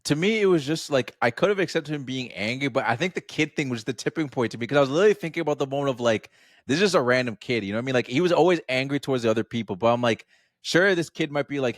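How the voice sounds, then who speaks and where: A man co-hosting a podcast, chatting casually about a film in a rambling, animated way and acting out little quotes. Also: mid-range voice, fast, no echo, clean studio sound. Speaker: podcast co-host. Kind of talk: casual film review chat.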